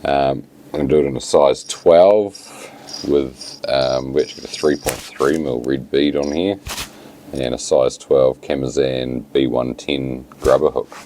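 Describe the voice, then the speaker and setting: A man with a New Zealand accent talking casually through a fly tying tutorial, relaxed and plain-spoken with many fillers. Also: extremely low pitch, measured pace, slight background noise.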